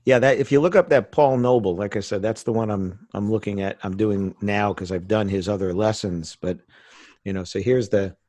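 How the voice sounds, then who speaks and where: A man's voice: fairly low pitch, normal speed, a little mellow, dry recording. A middle-aged American man from the United States, a podcast guest chatting casually and telling stories with frequent laughs. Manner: chatty storyteller, laughs often.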